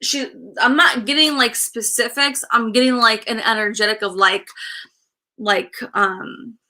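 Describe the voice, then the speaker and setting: A woman giving a casual spirit reading as a medium, halting and full of fillers, frank and breaking into laughs. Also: a little high, steady tone, pushed and bright. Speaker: psychic medium.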